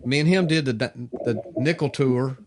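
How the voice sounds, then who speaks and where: A man's voice: medium pitch, measured pace, noisy background. A man, co-hosting a casual outdoors podcast in a folksy, storytelling way. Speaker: podcast co-host. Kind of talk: casual chat.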